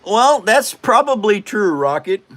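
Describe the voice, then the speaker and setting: A man's voice: sits high, big pitch swings, unhurried, a bit bright. A man in his seventies hosting a casual livestream, joking and rambling with frequent laughs. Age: 70s. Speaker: livestream host.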